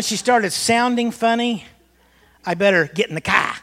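Casual: pastor guy telling stories about his mom, kinda high bright voice. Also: moderate pace. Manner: folksy, storytelling, chuckling. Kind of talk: personal remembrance in a church service.

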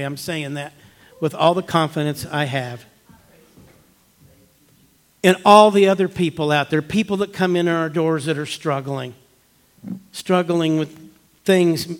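A male pastor delivers a storytelling sermon in church. His voice sits somewhat high for a man. He drops to near-whispers for tense moments and lifts into loud, urgent appeals. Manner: storytelling, swings from hushed to emphatic.

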